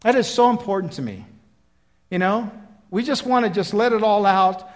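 A male preacher with a high-pitched voice delivers a folksy, conversational sermon. He acts out Bible dialogue with animated emphasis. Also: moderate pace.

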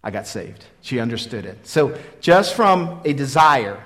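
A man in his fifties preaching a sermon, telling his own story in an earnest, repetitive way that swings from loud emphasis to quiet. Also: medium pitch, sing-song, measured pace. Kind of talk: sermon with personal testimony.

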